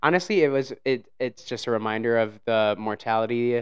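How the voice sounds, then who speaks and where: A podcast host in easygoing chat, telling rambling, animated stories. The voice is clear and smooth and sits at a middling pitch. Now and then the host slips into silly put-on voices. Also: a little fast, muffled recording. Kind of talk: casual chat.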